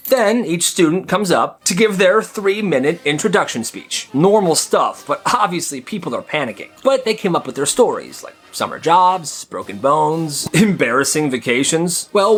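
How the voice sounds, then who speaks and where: A man telling funny stories in a casual, animated way, slipping into quick voices for the people in them. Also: on the high side, husky. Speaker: storyteller. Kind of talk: casual comedic storytelling.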